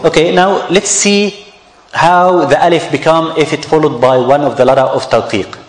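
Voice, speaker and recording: A man's voice: on the high side, normal speed, reverberant, big-room sound, low-quality recording. A man teaching a tajweed lesson, repeating each example word patiently to his students. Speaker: Quran recitation teacher.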